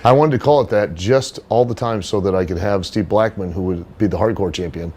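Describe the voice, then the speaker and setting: A middle-aged man, a wrestler, chatting as a podcast guest, blunt and profane, telling animated stories. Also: on the low side, fairly quick, slightly rough. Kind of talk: casual chat, storytelling.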